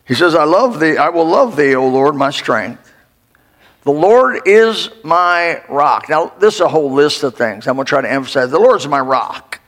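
An older man, a pastor, preaching a fervent sermon and rising to sudden shouts. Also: on the high side, animated, normal speed. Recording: long hall reverb.

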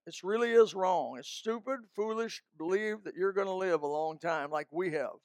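A man's voice: sits high, moderate pace, dry recording. An older man preaching a folksy, emphatic sermon, breaking into snatches of hymns.

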